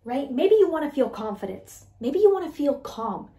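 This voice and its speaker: A woman coaching her listeners on mindset, talking in an animated way and asking "right?" again and again. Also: sits high, normal speed, echoey room, slight background noise. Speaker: mindset and weight-loss coach. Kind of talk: motivational talk to listeners.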